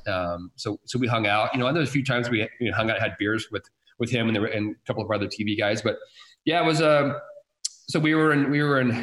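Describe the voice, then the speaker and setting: A man who works as a TV sports director tells a story in a casual, halting and reflective way. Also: mid-range voice, a bit bright. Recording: roomy echo.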